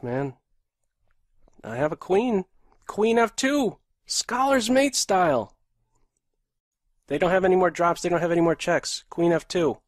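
Laughing, slow-talking man streaming chess. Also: on the high side. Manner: excitable, breaks into frequent laughter, talks to himself. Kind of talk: live game commentary.

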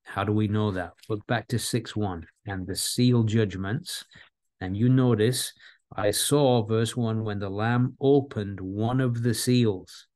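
A man with a fairly low voice delivers an earnest verse-by-verse sermon. He leans on key words and repeats them. He slows right down whenever he wants a point to land. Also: darkish tone. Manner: earnest, repeats key words, varies his pace for emphasis. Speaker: preacher. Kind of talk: expository Bible sermon.

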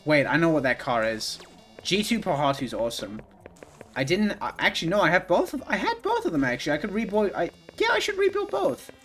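A man streaming himself playing a video game, reacting out loud and swinging from low mumbles to sudden outbursts with lots of swearing. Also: a little fast, soft background music. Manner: excitable, profane, swings from mumbling to yelling. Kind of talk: live gaming commentary.

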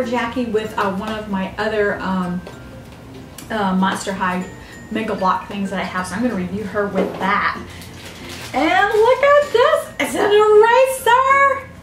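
An older woman, chatting to camera as a vlogger opening fan mail, gasping and gushing with excitement. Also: fairly high pitch. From Southern United States. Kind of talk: casual chat to camera. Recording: echoey room, mic a bit far off.

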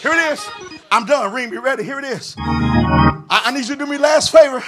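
A male pastor preaching a sermon in a church, moving into a sing-song, shouted cadence and calling on the congregation to answer back. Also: extremely high pitch, fairly quick. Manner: call-and-response with the congregation. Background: music.

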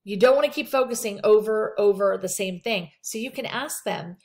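A woman's voice: mid-range voice, normal speed, a little mellow. A woman teaching a counseling skills lecture, reading points off slides and adding casual asides from her practice. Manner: conversational, talks through slides with asides. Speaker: counseling instructor.

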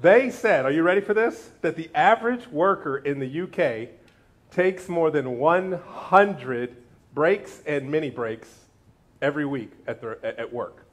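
A man's voice: on the high side, a little slow. A man preaching a sermon as pastor, joking with the congregation and asking them questions. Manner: lively, joking banter with the congregation; asks the audience questions and urges them to repeat after him.

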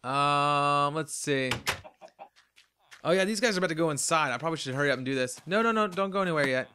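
Against a noisy background, a tired man chats and rambles to himself while playing a game for his let's play, yawning now and then. His voice is fairly high and a little fast.

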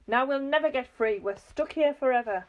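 A woman doing a shrill, spiteful old wife. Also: moderate pace, muffled recording, close to an everyday voice. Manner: screaming insults.

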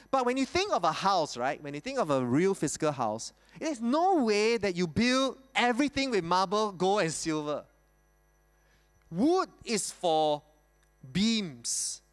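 A man preaching from the pulpit with a fairly high voice that rises and falls a lot as he stresses each point. He pauses on rhetorical questions and says key lines twice. His voice carries a long reverb through the church hall. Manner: explains scripture with rhetorical questions and repetition. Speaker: pastor. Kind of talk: sermon.

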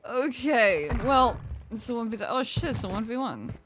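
High-voiced excitable woman streamer, noisy. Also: normal speed. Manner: excitable, swears a lot, reacts loudly to donations. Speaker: game streamer. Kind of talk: live gaming stream chat and commentary. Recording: noisy home stream recording with keyboard clicks.

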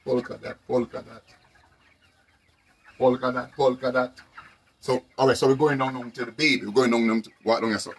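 A man's voice: medium pitch, fairly even intonation, moderate pace, pauses often, a little hiss or hum. A Jamaican man hosting a live stream to sell chickens, talking casually in patois and repeating his phrases.

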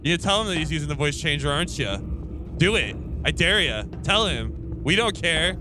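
Sarcastic high-voiced gamer guy. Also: animated, fairly quick, background noise. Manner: sarcastic, teasing, brash. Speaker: YouTuber roleplaying in an online game. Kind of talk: casual game voice chat.

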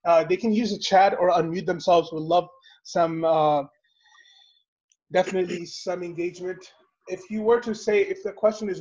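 A man leading an online religious study circle, telling a story with rhetorical questions and an animated manner. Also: sits high, moderate pace, lo-fi sound. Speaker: halaqa speaker and host. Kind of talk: religious lesson over video call. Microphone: video call.

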